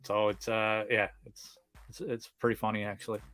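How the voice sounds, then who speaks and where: This is a man in his thirties with a strong Newfoundland accent, hosting a laid-back livestream chat. He talks quickly and packs in local slang, with a lot of laughter between his lines. His bright, forward voice sits close to the mic in a dry space. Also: on the low side, little pitch movement, dry recording, soft background music. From Newfoundland, Canada. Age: 30s. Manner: fast-talking, slangy, laughs often. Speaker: livestream host.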